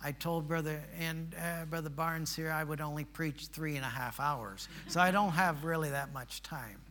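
A man's voice: fairly high pitch, normal speed, bright, forceful tone, slight background noise. A male preacher telling a missionary story in a sermon, with folksy asides and rising to emphatic preaching.

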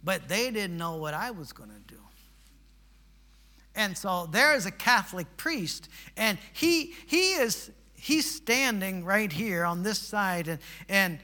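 Male preacher, sermon storytelling; high and very bright, folksy, builds to emphatic peaks. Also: expressive, slow.

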